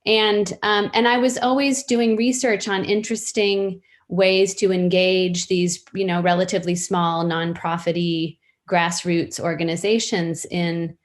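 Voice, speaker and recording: A woman in her fifties answers interview questions in a relaxed, conversational way. Her voice sits slightly low for a woman, and she thinks aloud, circling back and restarting phrases as she goes. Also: a little slow, hardly any pauses. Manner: thoughtful, rambling, with many fillers and restarts. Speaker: interview guest, storytelling practitioner.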